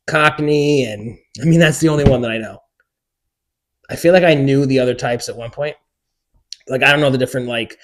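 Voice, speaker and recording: A man in his forties, a book vlogger, chatting casually to camera in an excitable way with many filler words. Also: fairly high pitch. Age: 40s.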